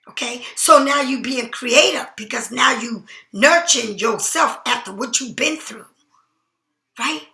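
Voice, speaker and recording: A woman reading tarot cards speaks in a high, gravelly voice that sounds pushed and bright, with a roomy sound. Her casual reading is emphatic and chatty, peppered with "right?" and "all right?"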